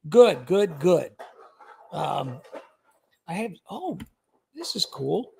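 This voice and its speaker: A man's voice: on the high side, big pitch swings, extremely slow, creaky, darkish tone, slight background noise. An older man hosting a casual livestream, chatty and rambling, with plenty of fillers. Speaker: host.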